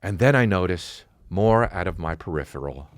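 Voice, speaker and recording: A podcast host tells a comic story as a swearing, self-interrupting rant at normal speed. His pitch swings widely and lively, from low grumbles up to high squeals. The recording is dry, with his voice close and plain.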